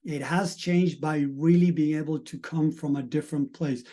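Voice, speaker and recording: A man's voice: fairly high pitch, steady tone, normal speed, warm tone. A middle-aged man, a mindset coach, giving an earnest, emphatic live-streamed motivational talk and asking the chat audience questions.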